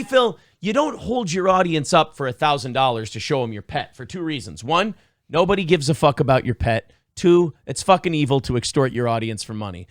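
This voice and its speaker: A man's voice: on the high side, no echo, studio quality. A male host on a live-streamed talk show, chatting sarcastically and profanely and reading donations. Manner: profane, sarcastic, loud outbursts.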